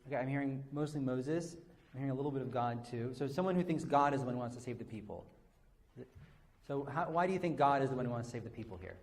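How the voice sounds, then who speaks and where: A man's voice: mid-range voice, lively intonation, fast talker, darkish tone. A man teaching as a rabbi, leading an interactive text study and taking questions, talking conversationally with frequent "sort of" and "right?".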